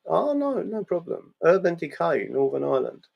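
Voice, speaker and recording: A man's voice: on the high side, very animated, normal speed, creaky, lo-fi sound. An English man hosting a live stream, talking bluntly, swearing and tagging his lines with "right?". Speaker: channel host reading live chat. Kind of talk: casual live-stream monologue.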